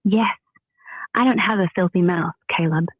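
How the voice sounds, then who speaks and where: A woman's voice: lowish voice, moderate pace, slightly rough, no echo. A woman's AI voice with a British accent, chatting in a witty, dry, frank way. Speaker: AI voice assistant. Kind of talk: conversational chat. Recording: tinny phone-like audio.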